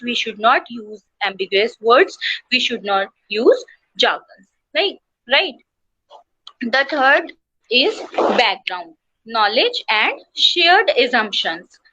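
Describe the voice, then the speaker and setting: A woman with an Indian English accent giving an online class lecture to students, explaining slowly with many pauses and fillers. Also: on the high side, pushed and bright. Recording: dull lo-fi online class audio.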